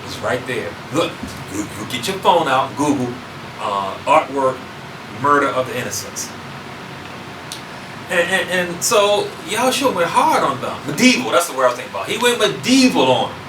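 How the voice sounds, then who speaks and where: Fiery high-voiced male preacher. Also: sing-song, normal speed, echoey room, distant mic, background noise. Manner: emphatic, repetitive, builds to shouts. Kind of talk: sermon.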